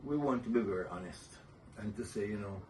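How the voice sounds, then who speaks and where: An older man, a guest in a casual interview, warmly tells family stories and laughs often, speaking a little fast in a fairly low voice. The mic sounds distant, with faint noise.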